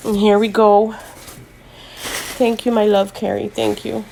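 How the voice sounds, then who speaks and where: A middle-aged woman talks slowly through an unboxing vlog, her voice gravelly and choked with emotion. She gushes and sounds close to tears throughout. A faint hiss of room noise sits behind her. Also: mid-range voice, flat delivery, dark tone. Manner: emotional, gushing, near tears. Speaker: tarot channel host.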